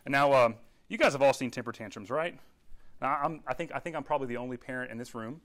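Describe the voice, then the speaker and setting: A man's voice: medium pitch, fast, fairly bright tone. A man, teaching a casual Bible lesson to young people and often checking in with his listeners. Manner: conversational, checks in with "all right?" and "okay?". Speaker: youth pastor.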